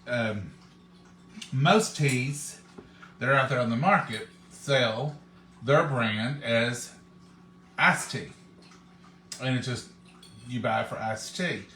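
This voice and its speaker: A man's voice: mid-range voice, slow, pauses often, pushed and bright, slight background noise. Man, folksy live-stream host, casual chat, roomy echo. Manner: homey, folksy, chatty, talks straight to viewers.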